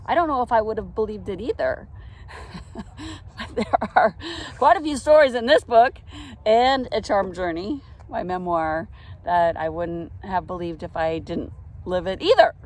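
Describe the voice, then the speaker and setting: A middle-aged woman telling a personal faith story, outdoors in a park, earnest and reflective, with soft laughs now and then. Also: medium pitch, animated, a little slow.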